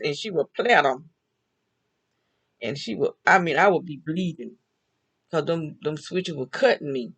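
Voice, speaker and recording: Older woman, gravelly voice, chatty storyteller who laughs often. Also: deep voice, expressive, unhurried, long pauses, poor audio. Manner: chatty, laughs often, talks back and forth with herself. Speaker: vlogger. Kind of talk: casual storytelling monologue.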